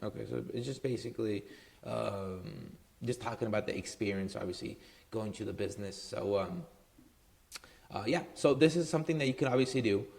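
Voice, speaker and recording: A marketing business owner dispenses casual advice in a talking-head video, addressing the camera loosely and conversationally. He ends points with "right?" and uses plenty of "um"s, in a lowish, slightly mellow voice that is brisk and carries vocal fry.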